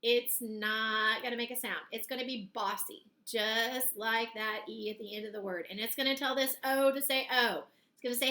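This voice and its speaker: A woman teaching a phonics lesson to young children, speaking slowly and clearly and sounding out words in parts. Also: a little high, steady tone, sharp tone. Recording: echoey room.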